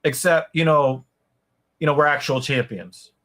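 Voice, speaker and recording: A man's voice: a little high, a little slow, a bit bright. A man hosting a podcast livestream, talking in a loose, rambling and profane way with frequent restarts. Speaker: podcast host. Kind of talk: casual livestream chat.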